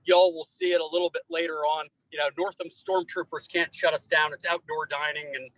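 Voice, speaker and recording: A man running for office, answering an interviewer's closing question in a folksy, emphatic way with lively anecdotes. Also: fairly high pitch, a little fast, low-quality recording. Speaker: political candidate.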